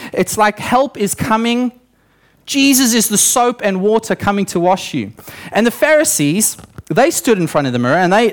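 A young male preacher giving a sermon in church, telling stories with acted-out quotes and voices. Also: high voice.

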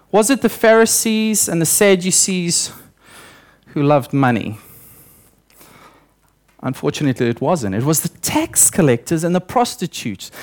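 Young guy preaching in church, lively storytelling, does little voices for quotes. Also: sits high. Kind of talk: sermon.

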